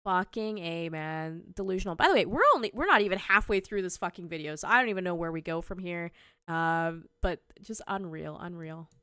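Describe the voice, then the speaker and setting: A woman's voice: lowish voice, fairly quick, pushed and bright, clean tone. A woman hosting a gaming commentary show, reacting to clips in an exasperated, profanity-laced rant. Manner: exasperated, sweary ranting.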